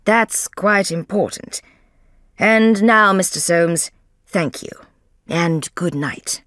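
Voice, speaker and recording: A woman voicing a calm, clever male detective in a slow storybook reading, measured and low-keyed. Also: no echo, clean studio sound.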